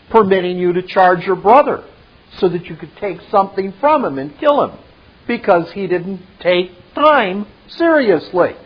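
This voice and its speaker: Slow-talking man explaining a film. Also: high voice, dull audio. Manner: retelling step by step, with asides. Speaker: film commentator.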